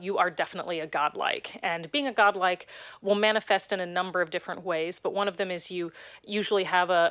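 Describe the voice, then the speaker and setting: A woman game director calmly explaining a game in a preview video. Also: on the low side, smooth, no room sound. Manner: measured, explanatory.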